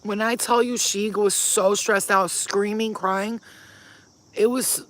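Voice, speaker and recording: This spiritual healer speaks slowly in a steady, mid-range voice with a fairly bright tone, captured on a rough recording. Standing in a yard, she talks to the camera casually and with emphasis, cursing freely at her viewers.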